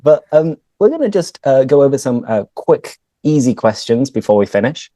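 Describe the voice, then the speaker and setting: A man, a teacher chatting casually with a friend and clearly explaining words and phrases for learners over a video call. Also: medium pitch, big pitch swings, moderate pace, warm tone, no room sound. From northern England. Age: 30s. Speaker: English teacher and host. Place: home room, on a video call.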